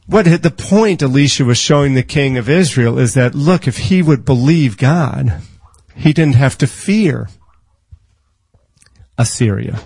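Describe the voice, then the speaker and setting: A man preaching a sermon, telling stories with lively quoted voices and rattling off scripture quickly. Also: mid-range voice, husky, no echo, poor audio. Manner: animated storytelling, acting out quoted voices.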